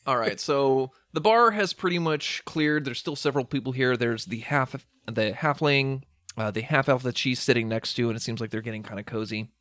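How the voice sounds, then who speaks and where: A man's voice: medium pitch, moderate pace, no room sound. Man as game master, casual, dry mic. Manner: relaxed, hesitant with many ums. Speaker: dungeon master. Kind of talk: narrating a tabletop game.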